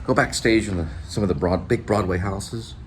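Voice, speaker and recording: Man, vlog host, low voice, rambling anecdotes, faint car noise under him. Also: normal speed. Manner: rambling, name-dropping anecdotes. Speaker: vlog host, delivery runner. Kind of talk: casual rambling chat.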